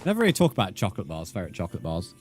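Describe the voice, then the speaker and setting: A man's voice: sits low, huge pitch swings, rapid-fire, breathy edge, faint music behind. A young man streaming, chatting casually with viewers, swearing freely and calling them mate. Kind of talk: casual live-stream chat.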